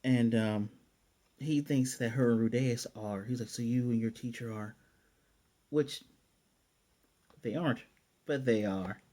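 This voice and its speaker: Mellow-voiced man recapping an anime episode. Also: mid-range voice, unhurried, long pauses. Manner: animated retelling, often paraphrasing the characters' lines; chatty and loose, with frequent fillers and self-corrections. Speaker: anime reviewer.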